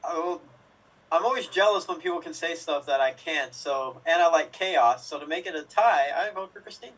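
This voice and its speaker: A man's voice: a little high, normal speed, fairly bright tone, poor audio. A man on an improv show, giving prompts and votes in a dry, matter-of-fact way.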